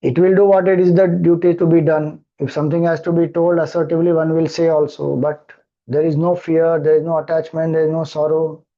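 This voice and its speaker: A man's voice: on the high side, flat delivery, a little fast, dark tone, highs cut off. A man with an Indian accent, a spiritual teacher explaining scripture, who keeps repeating verses and asking rhetorical questions. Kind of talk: scripture discourse.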